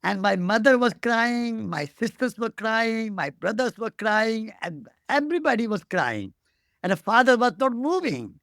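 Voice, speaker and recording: A man's voice: high voice, big pitch swings, measured pace, creaky, a bit bright, dry recording, studio quality. A man in his eighties from India with an Indian accent, telling his life story as an interview guest, earnest and repeating phrases for emphasis. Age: 80s.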